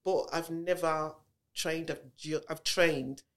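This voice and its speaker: A woman's voice: deep voice, fairly even intonation, takes it slowly. A middle-aged woman with a Birmingham accent, chatting animatedly as an interview guest. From Birmingham, England. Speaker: guest actress. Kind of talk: casual interview chat. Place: podcast recording venue.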